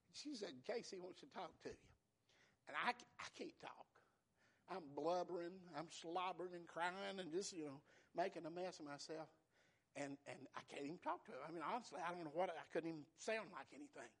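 A man, preaching a sermon as a folksy storyteller who swings from hushed to loud. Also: on the high side.

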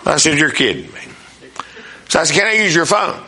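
An older man preaching a sermon, telling folksy stories and swinging between soft asides and loud emphasis. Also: fairly high pitch, huge pitch swings, brisk. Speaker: pastor.

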